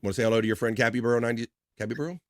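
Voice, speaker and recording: A man's voice: medium pitch, fairly even intonation, rapid-fire, a crowd in the background. A man hosting a casual live stream, rambling, laughing often and restarting his sentences. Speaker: livestream host.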